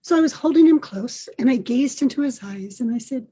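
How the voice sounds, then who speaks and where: An older woman hosting a podcast, telling a personal story in a gentle, reflective way. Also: high-pitched, animated, a little fast, hardly any pauses, breathy edge. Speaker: podcast host.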